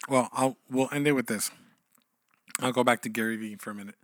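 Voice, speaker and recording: A man's voice: mid-range voice, a little fast, a bit bright, no echo, studio quality. A man co-hosting a podcast, telling a long anecdote in casual chat with many restarts and asides. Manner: rambling, many restarts and "you know"s. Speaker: podcast co-host.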